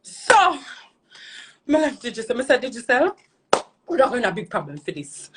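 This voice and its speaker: Jamaican girl venting on a vlog, swoopy lively pitch, fiery retelling. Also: normal speed, pauses often, a little hiss or hum. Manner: animated, heated, patois-heavy storytelling. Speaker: social media personality. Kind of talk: emotional storytime vlog.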